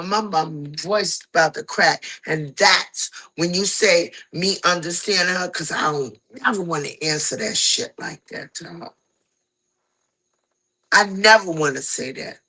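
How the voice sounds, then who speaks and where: Gravelly, husky middle-aged woman storyteller. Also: fairly low pitch, moderate pace, low-quality recording. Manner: animated, acts out quoted voices. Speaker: guest telling her story. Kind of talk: casual storytelling chat.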